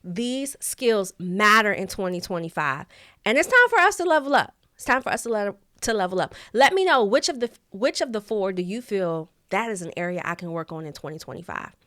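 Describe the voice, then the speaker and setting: A woman teaching a vocal coaching lesson, speaking deliberately, stressing key words and pausing between them. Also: mid-range voice, animated, a bit bright, dry recording, clean studio sound.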